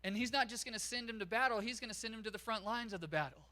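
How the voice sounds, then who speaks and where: A man pastor preaching a sermon in a church, telling a story in an animated way. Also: high-pitched, racing. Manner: animated storytelling, acts out quotes.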